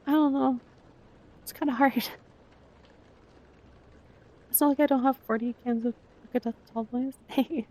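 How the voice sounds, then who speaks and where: A woman streamer chatting casually with her viewers, soft-spoken and emotional, with frequent swearing. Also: sits high. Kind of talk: casual live-stream chat.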